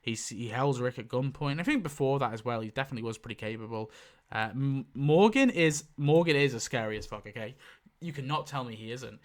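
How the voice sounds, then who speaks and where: A man in casual commentary who rambles and keeps correcting himself mid-sentence. His voice sits at an average pitch but leaps up sharply when he stresses a point. He swears freely and talks in loose, off-the-cuff bursts. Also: a little fast. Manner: animated pitch jumps for emphasis. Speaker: YouTube tier-list ranker.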